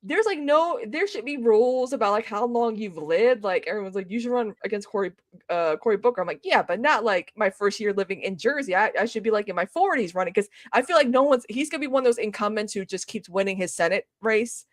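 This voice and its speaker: A woman's voice: medium pitch, dry recording, studio quality. A young woman from the American South co-hosting a podcast, chatting about politics with sarcastic asides. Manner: animated, sarcastic, quick asides. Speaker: podcast co-host. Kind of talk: casual political chat.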